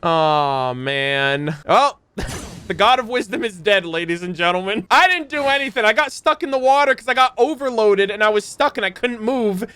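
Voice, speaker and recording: A man streaming a video game, chatting casually and reacting loudly with slang as he plays. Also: high-pitched, expressive, moderate pace, clean tone. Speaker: gaming streamer. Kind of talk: casual let's-play commentary.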